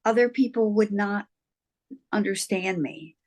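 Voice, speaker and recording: Brief: gentle invisible spirit boy, put on by a woman, calm and kind. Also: mid-range voice, measured pace, voice pushed up, lightly acted. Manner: soft and reassuring, partly whispered. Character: gentle small invisible spirit friend, male.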